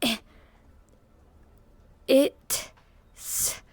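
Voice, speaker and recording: A young woman livestreaming in casual chat, excitable and giggly, swearing and shrieking often. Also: very slow, dry recording. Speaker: VTuber streamer.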